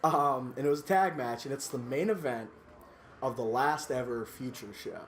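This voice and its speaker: A man's voice: mid-range voice, moderate pace, a little hiss or hum. A man on a podcast, telling a backstage story in a loose, casual way, laughing often between bits. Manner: laughs often mid-story, lots of fillers. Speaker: podcast co-host.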